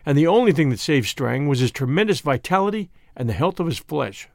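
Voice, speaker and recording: A man narrating a classic story in a measured, dramatic reading. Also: a little high, big pitch swings, gravelly, darkish tone, dry recording, clean studio sound.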